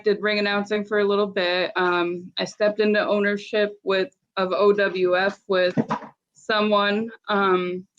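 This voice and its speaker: A young adult woman, a wrestling promotion co-owner, talking bluntly and chattily with lots of fillers in a casual podcast interview. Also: medium pitch. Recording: slightly dull lo-fi sound.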